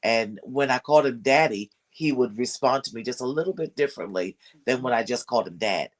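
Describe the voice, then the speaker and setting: Calm man explaining in a conversational way. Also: medium pitch, fairly quick. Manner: calm, explanatory, with filler words. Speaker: professional caregiver and panelist. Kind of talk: conversational panel talk.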